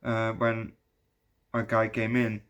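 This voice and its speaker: A man's voice: on the low side, completely flat delivery, slow, fairly bright tone. Rambling Dutch-accented young man. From Netherlands. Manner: rambling, swears a lot, says "yo" often. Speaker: movie reviewer. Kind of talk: casual review rant.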